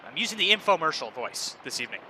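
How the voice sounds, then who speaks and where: A man hosting a casual livestream, reading chat messages aloud and commenting in an animated way. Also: on the high side, fast talker, a little hiss or hum. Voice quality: echoey monitoring on his voice.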